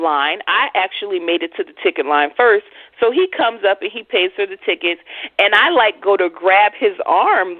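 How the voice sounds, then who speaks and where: A woman host telling a personal story in a blunt, profane, animated way on a casual radio chat. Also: mid-range voice, no echo. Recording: tinny phone-like, dry sound.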